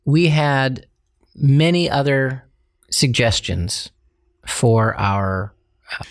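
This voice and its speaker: Gravelly-voiced man co-hosting a podcast, playful and punning, middle pitch, chatty read of an ad. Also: lively intonation. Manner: joking, playful, quick to pun. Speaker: podcast co-host. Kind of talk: casual chat with read-out ad.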